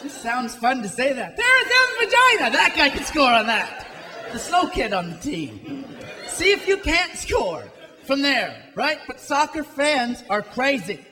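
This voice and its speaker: A man's voice: very high voice, big pitch swings, unhurried, long reverb tail. Sardonic male stand-up comedian. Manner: sardonic, mocking observations. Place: comedy club stage. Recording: live club, loud crowd laughter.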